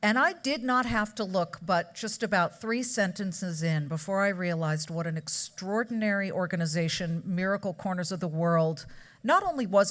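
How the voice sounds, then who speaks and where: Woman from California, podium speech, breezy with jokes to the room. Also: lowish voice. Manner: chatty, joking asides to the audience. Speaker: award presenter at a charity gala. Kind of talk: after-dinner award speech. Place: banquet hall. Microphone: podium microphone.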